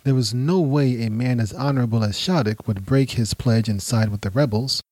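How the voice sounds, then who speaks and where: A man narrating a history podcast in a measured, dramatic storytelling manner. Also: medium pitch, a little mellow, dry recording.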